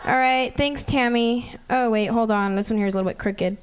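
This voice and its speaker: A woman's voice: on the high side, steady tone, brisk, clean tone. A woman in a comedy sketch, trading playful banter.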